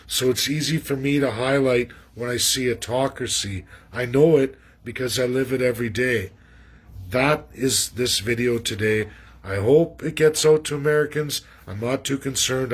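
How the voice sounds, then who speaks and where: A man from Canada delivers a casual political monologue with a husky edge to his voice. He is emphatic and repetitive, often calling out people directly. His pitch sits right in the middle for a man. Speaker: political commentator.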